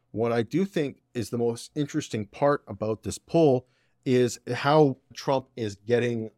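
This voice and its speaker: A man hosting a political commentary podcast, opinionated and sarcastic with quick asides. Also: on the low side, a little mellow, dry recording, clean studio sound. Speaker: podcast host.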